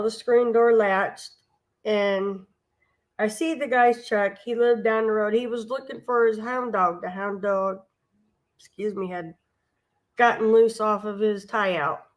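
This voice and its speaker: A woman's voice: medium pitch, steady tone, a little slow. A woman hosting a live stream, chatting casually in a rambling, homespun way with many asides. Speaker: vlogger and live stream host. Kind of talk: casual storytelling chat.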